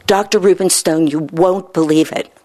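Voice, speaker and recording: A woman's voice: on the low side, fairly even intonation, moderate pace, a little mellow, natural voice. A woman quoting a curt, guarded woman patient. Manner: curt, blunt replies. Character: gruff, guarded middle-aged woman patient.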